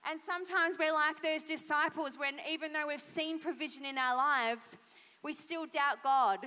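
A woman pastor giving an animated children's sermon, asking the kids questions. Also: high-pitched, normal speed. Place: church hall. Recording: long church hall reverb.

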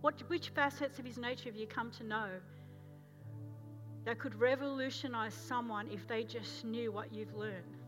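Aussie lady pastor preaching, kinda high voice, soft music under it, goes loud then real quiet. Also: fairly even intonation, moderate pace. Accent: Australian. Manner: storytelling, swings from loud urgency to hushed intensity. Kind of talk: sermon.

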